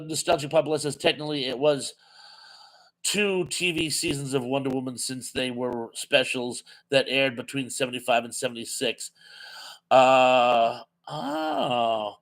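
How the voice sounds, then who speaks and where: A man's voice: medium pitch, a bit bright. Chatty man hosting a live trivia stream. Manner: chatty, reads viewer comments aloud, laughs at himself. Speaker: live show host running a TV trivia quiz. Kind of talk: casual live-stream chat.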